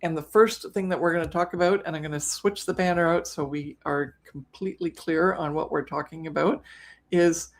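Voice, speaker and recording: A woman's voice: deep voice, fairly even intonation, moderate pace. A woman co-hosting a live business webinar, talking casually and often correcting herself mid-sentence. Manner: chatty, self-correcting, trips over words. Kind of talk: casual live-stream teaching.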